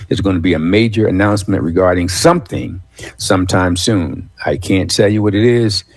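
A man's voice: low-pitched, a little mellow, husky, no echo. A man hosting a radio talk show, emphatic and repetitive, calling his listeners folks. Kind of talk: casual talk radio monologue.

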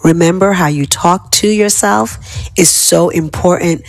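A woman hosting a wellness talk, leading listeners through calming affirmations in a measured, soothing way and dropping to whispers on key words. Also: fairly low pitch, dry recording. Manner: slow, measured, soothing delivery that drops to whispers. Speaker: wellness host.

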